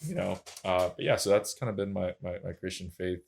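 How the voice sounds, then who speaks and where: A man's voice: low-pitched, fairly quick, creaky, husky. A young man, a track and field coach, telling his story as a podcast guest in an earnest, candid, casual way full of slangy fillers.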